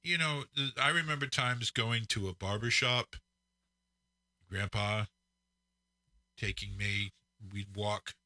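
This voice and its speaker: Bright-toned middle-aged male co-host. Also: lowish voice, slow, pauses often, no room sound. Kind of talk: casual chat.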